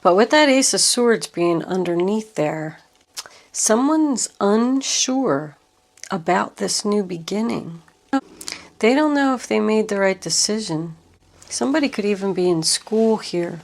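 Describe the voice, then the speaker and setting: A woman giving a tarot reading to camera, slow and reassuring as she talks through the cards. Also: medium pitch. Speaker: tarot reader.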